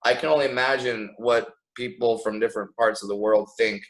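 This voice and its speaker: A man's voice: on the low side, brisk, poor audio. An American man talking casually on a podcast, stopping and restarting a lot and acting out quoted voices. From United States. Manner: animated, acts out quoted voices, frequent restarts. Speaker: guest comedian.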